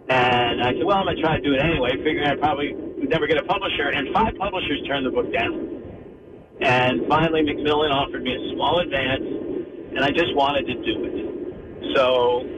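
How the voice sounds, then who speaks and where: A middle-aged man, a radio interview guest, telling lively anecdotes and acting out the people he quotes. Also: a little high, moderate pace, highs cut off, heavy background noise. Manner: animated anecdote teller, acts out quoted voices. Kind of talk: phone-in radio interview storytelling.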